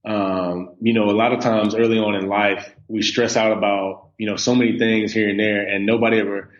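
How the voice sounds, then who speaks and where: In a muffled recording, a man in his thirties speaks fairly quickly in a low, level voice. He's a laid-back podcast guest in a casual interview, full of fillers like "um" and "you know."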